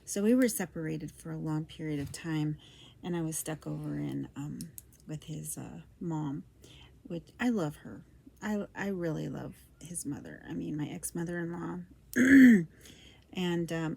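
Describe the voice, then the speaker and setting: Low, gravelly middle-aged woman reminiscing. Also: a little mellow. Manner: rambling and reminiscent, full of fillers and restarts. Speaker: storyteller. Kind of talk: personal storytime monologue.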